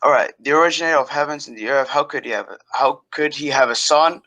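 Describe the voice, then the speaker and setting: A man calling in to a debate, talking in a halting, flustered way with many restarts. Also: mid-range voice, sharp tone, low-quality recording.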